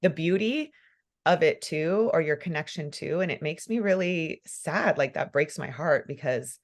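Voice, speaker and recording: A low-pitched woman speaking at normal speed hosts a laid-back podcast interview. She sounds passionate and emotional and laughs a lot.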